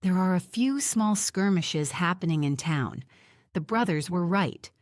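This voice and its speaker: Low-voiced woman narrating an audiobook. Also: expressive, unhurried, no echo, studio quality. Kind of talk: first-person scripted narration.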